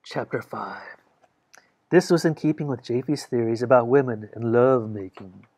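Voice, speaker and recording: A man reading a novel aloud as an audiobook, in a measured storytelling manner. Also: mid-range voice, a little mellow, no echo. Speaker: audiobook reader. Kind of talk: audiobook narration.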